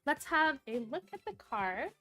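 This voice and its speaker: A woman hosting a casual livestream, sick with a cold, with a low sultry tone, gushing and reading viewer comments aloud. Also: very animated, unhurried, bright, forceful tone, no echo, soft background music. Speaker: livestream host.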